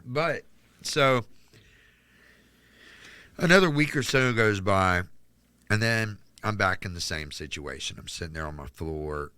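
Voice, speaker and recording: A man from North Carolina telling a candid personal story as a podcast guest, halting with restarts and fillers. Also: lowish voice, animated, pushed and bright, clean tone, no room sound. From North Carolina, United States.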